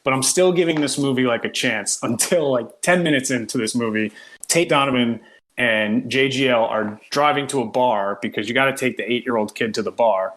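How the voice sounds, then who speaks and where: A man's voice: medium pitch, fairly quick. A man co-hosting a casual film podcast, retelling a movie's plot with amused, laughing disbelief. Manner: animated storytelling, laughing at the film. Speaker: podcast co-host reviewing films. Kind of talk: casual chat.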